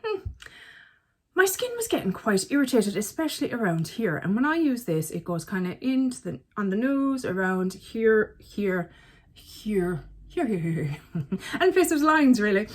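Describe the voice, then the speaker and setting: Chatty self-mocking woman. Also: mid-range voice. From Ireland. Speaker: beauty vlogger. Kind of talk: casual chat.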